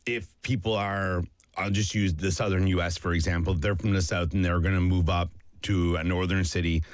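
Low-voiced man hosting easygoing chat. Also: steady tone, fairly quick, dry recording, studio quality. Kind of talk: casual chat.

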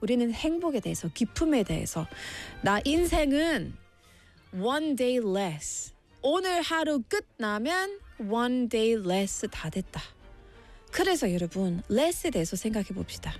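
Woman teacher, slightly high voice, brisk and encouraging, soft music under her. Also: very animated. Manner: encouraging, motivational. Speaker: language teacher. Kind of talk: word-of-the-day video lesson.

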